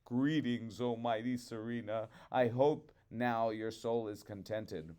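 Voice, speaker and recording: A man's voice: medium pitch, mellow, close to an everyday voice. A man doing a timid old fisherman. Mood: pleading. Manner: pleading, hurried.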